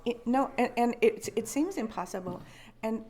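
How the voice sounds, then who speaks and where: At a conference venue, a woman with a mid-range, slightly mellow voice tells an eerie story about herself at a brisk pace. She speaks with emotion, repeating and restarting words and acting out her own thoughts.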